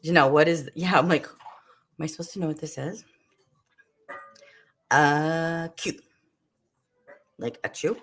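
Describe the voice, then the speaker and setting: Deep, husky and fairly bright, this woman's voice is unhurried and full of pauses as she cooks and livestreams at home. In the kitchen she talks with viewers and her dogs, which bark, and she still coughs a little.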